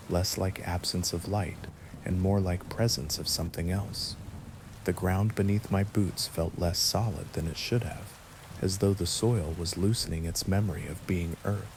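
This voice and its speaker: A man reading a scary bedtime story aloud in a calm, steady storytelling manner. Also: low voice, unhurried, slight background noise, rough recording. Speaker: narrator. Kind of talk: scripted horror narration for sleep.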